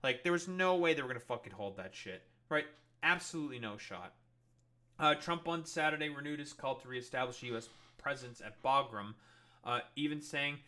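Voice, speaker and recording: A man's voice: medium pitch, expressive, a little fast, pushed and bright. A man reading news articles aloud and breaking off into exasperated, profane rants, with lots of filler words. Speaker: political commentator.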